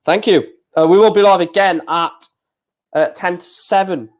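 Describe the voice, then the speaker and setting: A man's voice: high-pitched, normal speed. A man chatting casually through a live match watchalong, laughing often and swearing. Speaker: live streamer.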